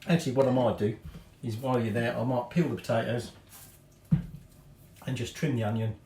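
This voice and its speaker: Middle-aged male cooking host, rambling and self-mocking, mid pitch, roomy kitchen echo with faint noise. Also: fairly even intonation, fairly quick, dark tone. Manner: chatty, rambling, self-deprecating asides. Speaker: home cooking show host. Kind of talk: casual cooking demonstration. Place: home kitchen.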